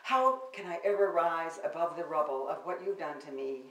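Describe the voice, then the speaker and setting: A woman's voice: low-pitched, moderate pace, a bit bright. Older woman poet, wry and theatrical reader; live bookstore reading, roomy sound. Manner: wry, theatrical delivery of verse. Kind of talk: public poetry reading with spoken asides. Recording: roomy, distant live-event recording.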